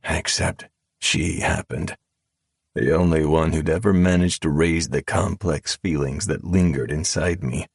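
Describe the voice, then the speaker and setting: A man narrating a first-person audiobook in a calm, cold drawl. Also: extremely low pitch, a little slow, husky, no room sound, clean studio sound.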